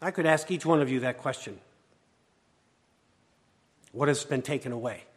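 A male pastor preaching a sermon, swinging between loud urgency and hushed, quiet passages. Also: mid-range voice, normal speed, husky. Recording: long hall reverb.

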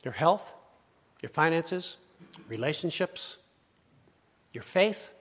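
Male pastor, sermon, loud-to-hushed swings, somewhat high voice, long hall reverb. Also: expressive, takes it slowly. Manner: preaching with swings from loud urgency to quiet hush.

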